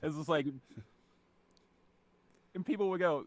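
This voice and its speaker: A man's voice: a little high, expressive, moderate pace, dry recording. A man from California telling a joking story in a casual chat.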